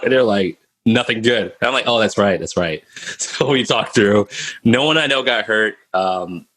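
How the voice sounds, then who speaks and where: Young man from Minnesota, husky and bright, a lively storyteller on a video call. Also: on the low side. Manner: animated, laughing, acts out voices in his stories. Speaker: podcast guest.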